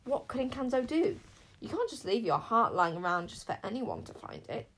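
Female storyteller, expressive read-aloud of a children's novel, slightly high voice. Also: normal speed, low-quality recording. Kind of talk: audiobook narration.

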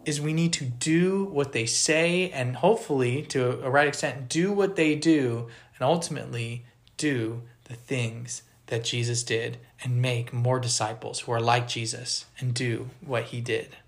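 A man's voice: medium pitch, fairly even intonation, a little slow, creaky. A man giving a conversational Bible teaching on a podcast, earnest and explanatory, stopping to put questions to his listeners. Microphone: podcast microphone.

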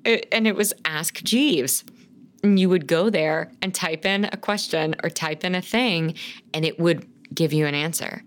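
Low-voiced woman gushing in casual chat. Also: unhurried. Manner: gushing, rambling, swears freely. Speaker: podcast co-host.

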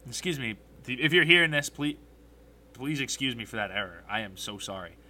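A young man hosting a solo sports podcast, ranting with strong opinions, getting excited and correcting himself as he goes. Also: mid-range voice, moderate pace.

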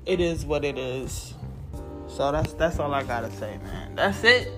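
A woman with a low, throaty voice rants casually about a game, swearing freely and sounding fed up. She keeps slipping into laughter as she vents, and faint music plays behind her. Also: lively intonation, measured pace. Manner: profane, exasperated, laughing ranting. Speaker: gamer reviewing a video game. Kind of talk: casual ranting vlog.

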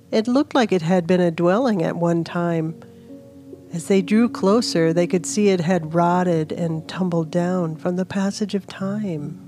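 A woman reads a fantasy tale aloud in a steady, very slow storytelling manner. Her voice sits lower than most women's, with loud fantasy music under every line. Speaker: narrator. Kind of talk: fantasy audiobook narration. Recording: fantasy music playing behind.

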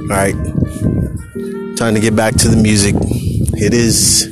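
Slow-talking man rambling over loud jazz. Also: on the low side, level tone. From California, USA. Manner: loose, reflective, musing aloud. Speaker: podcast host. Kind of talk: rambling solo podcast monologue. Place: outdoors, with a helicopter overhead. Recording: loud jazz music playing behind the voice.

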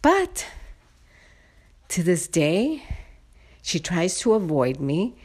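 A woman's voice: lowish voice, animated, slow, a little mellow, husky. A woman telling viewers a personal story in a casual, indignant, venting way, addressing them directly. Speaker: vlogger.

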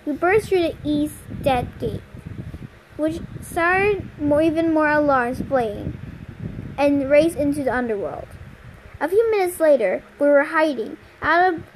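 High-voiced woman reading a novel aloud. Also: lively intonation. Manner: careful, unhurried reading with slips and rereads. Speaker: amateur reader. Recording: noisy home recording with clicks.

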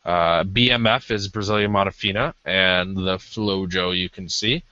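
A man's voice: deep voice, moderate pace, bright, forceful tone, no room sound. A man co-hosting a podcast, reviewing a cigar in a rambling, casual way with many ums. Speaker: podcast co-host. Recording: dull lo-fi audio.

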